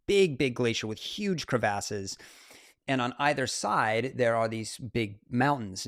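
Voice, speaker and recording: A man in his forties, a mountain climber and photographer, telling stories as an interview guest. His delivery is animated, with laughter and quick asides. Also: on the low side, no room sound, studio quality. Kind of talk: casual interview storytelling.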